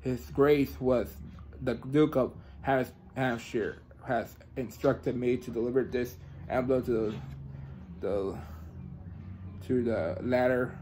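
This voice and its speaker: A man's voice: medium pitch, steady tone, a little mellow, slight background noise, low-quality recording. A man reading a children's book aloud, stumbling and restarting words as he goes. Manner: halting, with frequent restarts and self-corrections. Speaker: reader.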